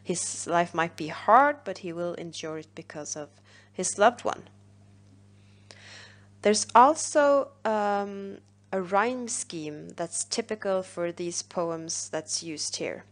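A woman teacher, patiently explaining a poem in a recorded literature lesson, pausing on fillers. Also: on the low side, lively intonation.

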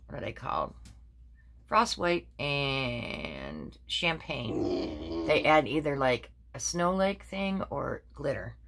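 An older woman shows off her handmade crafts in a relaxed vlog. Her voice sits low but swoops lively up and down. She rambles along, stopping for fillers and fixing her own words as she goes. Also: gravelly. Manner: rambling, with many fillers and self-corrections. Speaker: crafting vlogger. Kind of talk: casual show-and-tell chat.

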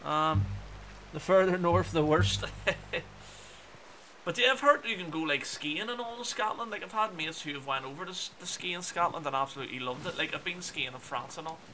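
This twenty-something gaming streamer from Northern Ireland speaks in a Belfast accent, exclaiming and chatting with his audience over casual gameplay. His voice sits on the high side, expressive and a little fast with a sharp edge, and there's a faint hiss or hum.

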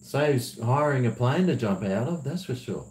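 A man's voice: mid-range voice, lively intonation, moderate pace, a little mellow, slight background noise. A man who hosts a livestream, chatting casually, rambling and laughing as he reads viewer messages. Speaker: livestream host. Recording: roomy echo.

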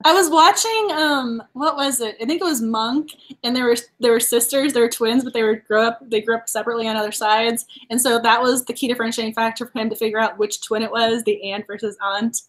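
A woman's voice: on the high side, steady tone, fast talker, hardly any pauses, fairly bright tone. A woman from Massachusetts co-hosting a book club live stream, chatting casually and laughing often as she talks. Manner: bubbly, laughs often while talking.

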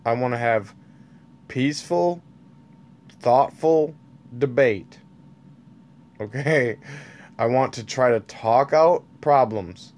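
A man hosting his own channel, ranting angrily at the camera in a slow, sputtering way, swinging between yelling and trying to calm himself down. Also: mid-range voice. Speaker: channel host. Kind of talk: angry political rant to camera.

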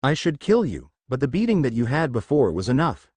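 Brooding teen ninja boy, cold and menacing, read by a male narrator, lively pitch, dry sound. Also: a little fast, breathy edge, dry recording. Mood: angry.

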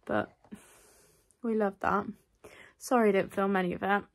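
Young girl vlogging, chatty and rambly, laughs a lot, normal mid pitch. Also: fairly even intonation, normal speed, vocal fry. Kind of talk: casual chat to camera.

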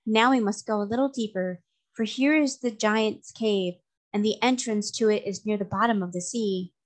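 A woman's voice: mid-range voice, normal speed, natural voice. A woman voicing a merry mermaid princess. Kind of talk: storybook reading.

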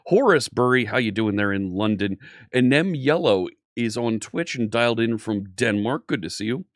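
A man's voice: mid-range voice, expressive, normal speed, dry recording, clean studio sound. An upbeat man hosting a live coding stream, chatting casually and greeting viewers by name.

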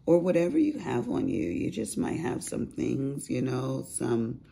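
A woman with a raspy, deep voice chatting casually to viewers at home while she does diamond painting, full of asides. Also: huge pitch swings, a little slow, mellow. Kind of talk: casual chat while crafting.

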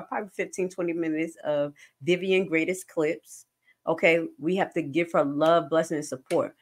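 Woman host, lowish voice, casual animated commentary with loud bursts. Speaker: commentary streamer; nurse.

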